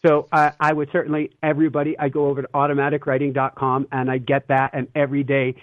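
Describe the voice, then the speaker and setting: A man's voice: mid-range voice, monotone, quick pace, no echo. A man as a guest, talking earnestly and reflectively about love and fear, often breaking into a laugh. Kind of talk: casual spiritual talk. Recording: tinny phone-line sound.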